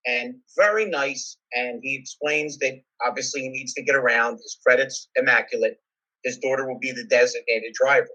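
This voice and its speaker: Husky-voiced man telling a story. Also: mid-range voice, sharp tone, low-quality recording. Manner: quick, self-mocking storyteller. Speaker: salesman. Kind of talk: casual storytelling.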